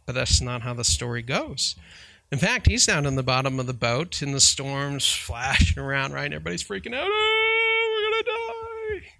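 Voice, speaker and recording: A man's voice: mid-range voice, animated, fairly quick, creaky, pushed and bright, no room sound. A man who works as a Christian counselor, giving a conversational faith talk and often checking in with "right?". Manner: conversational, keeps asking "right?"; chuckles while telling stories. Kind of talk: casual faith teaching.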